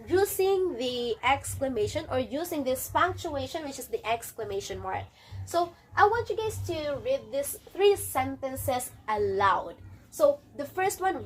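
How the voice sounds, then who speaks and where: A woman's voice: sits high, fairly bright tone. A woman teaching a grammar lesson to a class, repeating and restarting phrases as she explains.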